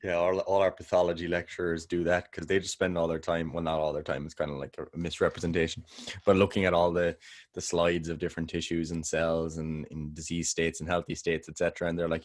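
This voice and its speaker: Deep-voiced man rambling on a podcast. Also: level tone, quick pace. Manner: rambling, many restarts, laughs often. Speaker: podcast co-host. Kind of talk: casual podcast chat.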